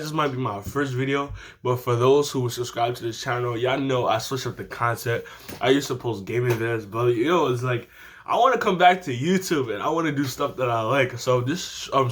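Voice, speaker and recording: A teenage boy chats straight to camera in a loose, animated story-time ramble. His voice sits at a middle pitch, and he breaks into laughter as he goes. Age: teens. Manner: animated, slangy, laughs often. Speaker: vlogger.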